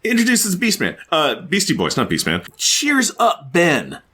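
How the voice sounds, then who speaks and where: A man co-hosting a casual comic-book podcast, animated and playful, often slipping into quick character voices. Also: a little high, breathy edge. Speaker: podcast co-host.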